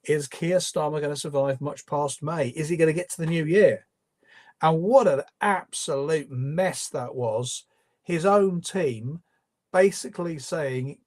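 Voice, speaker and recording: A man's voice: a little high, measured pace, darkish tone. A man hosting a live stream, reading viewer questions and answering with opinionated, conversational commentary full of ums and restarts. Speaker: livestream host.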